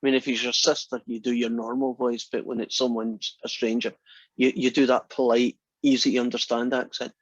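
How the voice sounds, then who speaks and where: A man's voice: mid-range voice, little pitch movement, brisk, breathy edge, no room sound, lo-fi sound. A Scottish man giving a math lecture in a classroom, chatty and often restarting his sentences. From Scotland.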